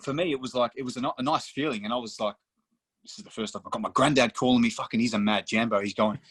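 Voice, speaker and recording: A man's voice: mid-range voice, fast talker, a bit bright, husky, dry recording. A young man from Australia, a footballer guest on a podcast, telling stories casually, swearing freely and calling the host mate. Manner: swears freely, storytelling, says mate often.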